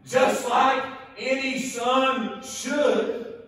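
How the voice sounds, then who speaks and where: A Southern US preacher with a strikingly high voice delivers a sermon at a very unhurried pace, leaning on repeated phrases. He sounds distant from the mic, his words ringing through a cavernous church. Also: steady tone, sharp tone. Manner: slow, emphatic, repeats key phrases. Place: church sanctuary. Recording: echoey church from far off.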